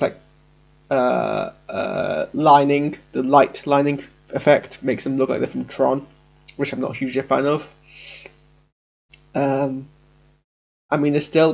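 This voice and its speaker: A man's voice: medium pitch, gravelly, darkish tone. A young man with a West Yorkshire accent giving a rambling, hesitant live reaction to a trailer, stammering and repeating himself. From Yorkshire, England. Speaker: YouTube reviewer.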